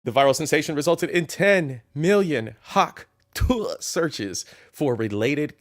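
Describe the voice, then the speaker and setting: A man's voice: on the high side, expressive, takes it slowly. A man hosting a casual reaction commentary, mocking and profane as he reads through a list. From Ohio. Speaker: commentary host.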